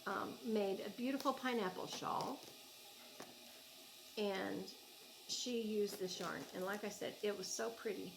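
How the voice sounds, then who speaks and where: A woman's voice: mid-range voice, steady tone, measured pace, gravelly, long pauses, noisy background. A woman with an Oklahoma accent, chatting casually and gushing as she unboxes yarn at home for her crochet vlog. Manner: chatty, gushing, thinks aloud. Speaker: crochet vlogger.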